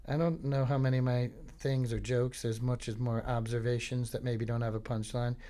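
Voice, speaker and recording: Florida guy hosting a podcast, rambling deadpan bits, lots of ums, mid-pitch voice. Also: normal speed. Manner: meandering, deadpan, filler-heavy. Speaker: podcast host. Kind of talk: rambling comic monologue.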